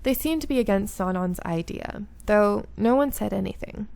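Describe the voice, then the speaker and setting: A woman's voice: medium pitch, expressive, normal speed, vocal fry, a little mellow, dry recording. A woman reading visual novel narration aloud and breaking off into chatty, self-deprecating asides.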